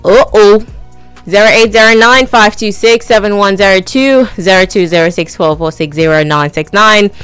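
A young woman hosting a call-in radio show, talking in a brash, teasing, energetic way. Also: mid-range voice, normal speed, clear, resonant tone. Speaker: radio host. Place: radio studio. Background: faint music.

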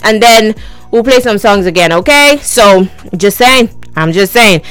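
A young woman hosting a call-in radio show, talking in a brash, teasing, energetic way. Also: mid-range voice, measured pace, clean tone. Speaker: radio host. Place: radio studio. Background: faint music.

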